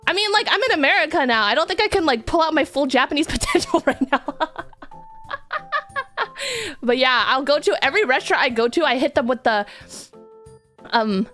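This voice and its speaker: A woman's voice: sits high, animated, fairly quick, a bit bright. A young woman streaming, chatting casually in a rambling, giggly, self-deprecating way. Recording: faint music behind.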